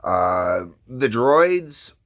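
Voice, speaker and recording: A man's voice: mid-range voice, very animated, drawn-out words, fairly bright tone. A man who hosts his own brick-animation series, talking casually and unscripted about making it. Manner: loose, meandering and unscripted. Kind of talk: casual behind-the-scenes chat.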